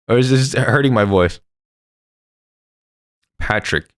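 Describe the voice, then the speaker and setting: A man's voice: mid-range voice, very animated, moderate pace, long pauses, fairly bright tone. A young man streaming a story game, playfully reading text aloud and chatting with his audience. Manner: playful, reads game text aloud, jumps between voices. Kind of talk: live gaming commentary and reading.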